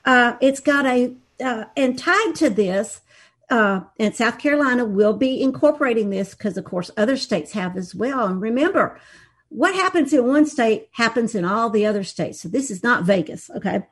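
A woman's voice: a little high, animated, normal speed, slightly rough. A woman guest on a political talk show, explaining education policy in a sarcastic, explaining way over a remote call.

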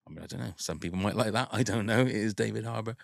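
A man's voice: on the low side, very fast, creaky, dry recording, clean studio sound. A man hosting a casual podcast chat, talking in a rambling, chatty way that often breaks off mid-thought. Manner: rambling, self-interrupting, chatty. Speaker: podcast host.

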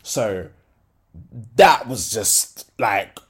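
A man's voice: on the low side, lively intonation, extremely slow, breathy edge. A young adult man, hosting a solo podcast and talking candidly in slangy speech with many fillers. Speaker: podcast host.

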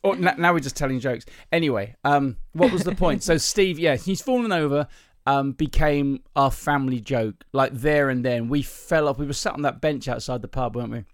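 A man who works as a comedian, chatting casually on a podcast and acting out jokes with lively, sing-song voices. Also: mid-range voice, normal speed, few pauses, no room sound, studio quality. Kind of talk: casual chat and joke telling.

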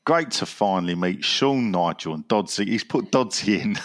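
A man with a low, deep voice hosts a relaxed football podcast. He reads listener messages aloud with dry humour and chuckles at his own asides. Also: normal speed, few pauses. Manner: dry and wry, laughs at his own jokes. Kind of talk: casual football podcast chat.

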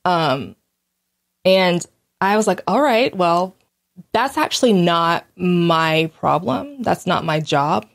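Talking on her own as host, this woman has a lowish voice with vocal fry. Her casual monologue is candid and blunt, told in an animated way with small laughs and quick restarts.

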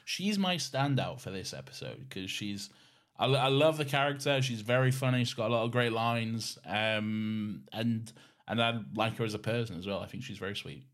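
A man's voice: on the low side, lively intonation, moderate pace, a bit bright. A man co-hosting a podcast in casual chat, rambling and laughing at himself, with the odd swear. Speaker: podcast co-host.

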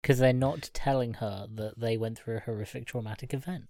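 A man's voice: mid-range voice, fairly quick, creaky, warm tone. A man from England co-hosting a podcast, recapping a film with dry jokes. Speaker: podcast co-host. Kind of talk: casual film-review chat.

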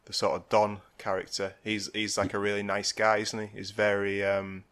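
A man with a lowish, even voice talks casually about a film, feeling his way through each thought. He pauses often and trails off before finding the next word. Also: clear, resonant tone. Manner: hesitant, with many ums and trailing phrases. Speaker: podcast co-host.

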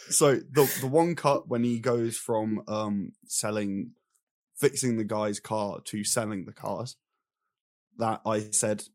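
A young man in casual chat, reviewing a film from his notes with animated, exasperated ranting and mocking voices for the characters. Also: lowish voice, measured pace, no room sound, clean studio sound. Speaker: film review podcast co-host.

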